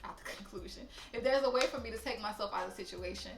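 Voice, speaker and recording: A young woman telling a story to camera, blunt, profane and animated. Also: mid-range voice, quick pace, gravelly, echoey room, soft background music. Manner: blunt, profane, animated, talks straight to viewers. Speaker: storytime vlogger.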